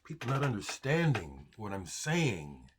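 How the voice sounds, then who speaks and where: A man's voice: on the low side, sing-song, a little slow, noisy background. A man from the United States hosting his own video, talking straight to camera in an emphatic, frustrated way and often stopping to restart his sentences. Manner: heated, emphatic, frustrated ranting with repeated restarts. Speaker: video host answering viewer comments. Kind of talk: unscripted monologue to camera.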